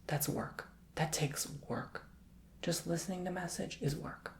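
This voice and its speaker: A man giving a soft-spoken ASMR tarot reading, gently encouraging the listener and slipping often into a whisper. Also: on the high side, fairly even intonation, unhurried, a little hiss or hum. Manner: affectionate, emotional cheering on the listener. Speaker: tarot reader and ASMR host.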